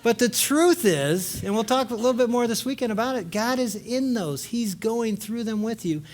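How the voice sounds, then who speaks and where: A man in his sixties tells a personal story to a live audience at a marriage conference, his voice very high-pitched against slight background noise. He swings from lively and loud to hushed and slow at the emotional moments, tossing wry asides to the crowd.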